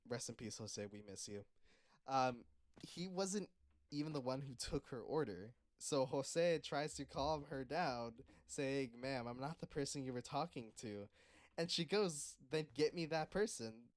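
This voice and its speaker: A man narrating a casual storytime about his job in a relaxed, rambling way, with fillers and little laughs. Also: medium pitch, no room sound. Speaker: storytime video creator.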